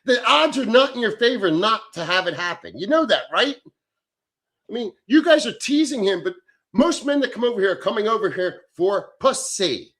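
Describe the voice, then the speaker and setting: A man's voice: high-pitched, sing-song, normal speed, a bit bright. Blunt, crude man ranting on a livestream. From Southern Illinois, USA. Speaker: livestream host. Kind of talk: livestream chat reading.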